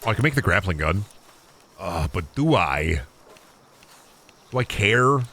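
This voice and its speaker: Male streamer, lowish voice, very animated pitch; rambling, self-mocking play-by-play with goofy sing-song asides. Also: measured pace, a little hiss or hum. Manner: rambling, jokey, mutters to himself; breaks into silly high sing-song bits. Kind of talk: casual gameplay commentary.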